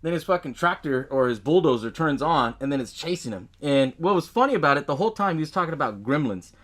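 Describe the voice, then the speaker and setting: A man's voice: a little high, animated, fast talker, a bit bright. A man hosting a podcast, casually retelling a film's plot, swearing often and laughing along. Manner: laid-back, swears a lot, laughs often, acts out movie lines. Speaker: podcast host. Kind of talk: casual movie recap.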